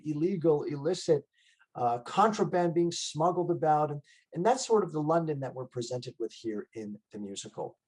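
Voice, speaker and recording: Male music lecturer, slightly high voice, relaxed talk with many filler words. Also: low-quality recording. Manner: conversational, many fillers and restarts. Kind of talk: casual lecture. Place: online library talk.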